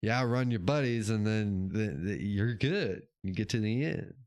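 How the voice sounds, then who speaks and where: He speaks at normal speed in a lowish, darkish voice with lively intonation, and the studio sound is clean and echo-free. As the host of a casual livestream, he reads his chat aloud and rambles easily, often laughing and sometimes cursing.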